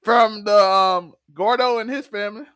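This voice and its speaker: A man's voice: sits high, normal speed, clear, resonant tone, dry recording, studio quality. A man co-hosting a podcast, chatting casually about a TV episode, laughing often and acting out characters' lines. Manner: animated, laughs often, acts out quotes. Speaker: podcast co-host. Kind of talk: casual TV recap chat.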